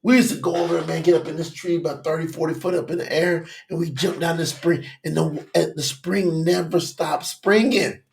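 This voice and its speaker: A man preaching a fiery revival sermon, shouting and exclaiming, from Florida, emotional with his nose running. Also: fairly high pitch, fairly even intonation, fairly quick, gravelly, few pauses, a little hiss or hum. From Florida, United States. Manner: shouting, preaching, Southern US vernacular speech.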